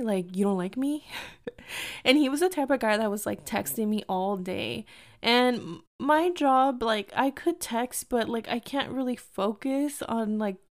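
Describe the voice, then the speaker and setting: A young woman casually telling a dating story, chatty and full of "like", acting out quoted lines in a higher voice. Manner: chatty, fillers "like" constantly, acts out quotes in higher pitch. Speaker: storyteller sharing dating experiences.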